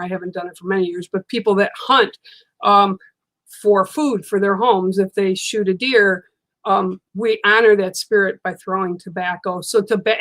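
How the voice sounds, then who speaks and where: Reading cards on a relaxed livestream, an older woman chats warmly with her audience and responds to what viewers write. Her voice sits in the mid range with a fairly bright tone.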